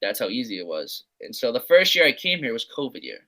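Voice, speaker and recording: Bright-voiced young man telling stories. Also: fast, low-quality recording. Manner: loose and animated, drops into low mutters for quoted asides; swears freely, heavy use of "like" and "man". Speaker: podcast guest. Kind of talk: casual storytelling.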